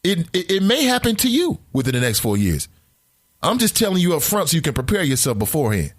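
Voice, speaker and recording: A male podcast host holding forth in an emphatic monologue, his pitch swinging widely as he drives his points home. He repeats key lines for effect. The sound is dry and close, with no room around it. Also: big pitch swings, fast, no echo. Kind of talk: opinionated talk podcast monologue.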